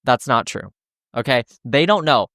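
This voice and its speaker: Recorded cleanly in a studio with no echo, a podcast host recounts a hiking trip in relaxed conversation. His mid-range voice moves at a moderate pace as he animatedly performs what each person said and cusses freely.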